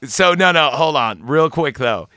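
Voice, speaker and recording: A man talks through a film scene in a loose, profane podcast chat, slipping in bits of impression along the way. His voice is gravelly with a bright, cutting edge. The recording is dry and close. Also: fairly high pitch, a little slow, no echo. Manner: crude, animated retelling with impressions. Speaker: podcast co-host. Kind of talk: casual movie-discussion chat.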